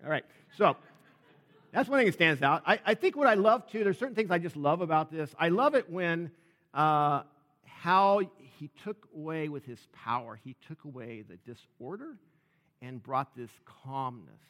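A man's voice: on the high side, moderate pace, a bit bright, long reverb tail. A man preaching a sermon in a conversational, joking way, often restarting his sentences. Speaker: pastor.

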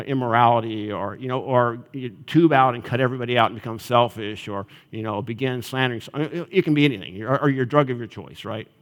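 A male pastor giving a sermon in a conversational style, often checking in with the audience. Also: medium pitch. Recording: long reverb of a large hall.

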